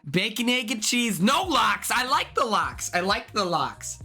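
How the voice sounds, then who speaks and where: A man live-streaming, chatting and gaming in an excitable, rambling way that repeats itself. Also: high voice, measured pace, breathy edge, faint music behind.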